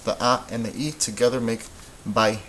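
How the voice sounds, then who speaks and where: A man with a lowish voice talks through a Spanish lesson in a relaxed, off-the-cuff way, pausing on ums and restarting his sentences. A faint hiss and occasional clicks sit under the recording. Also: rough recording. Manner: relaxed, thinking aloud with many ums and restarts. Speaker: Spanish teacher. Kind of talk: casual classroom-style lesson.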